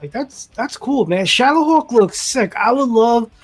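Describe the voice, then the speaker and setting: Man, co-host, high voice, enthusiastic, casual chat. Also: expressive, soft background music. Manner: enthusiastic, quick agreeing. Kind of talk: casual livestream chat about comics.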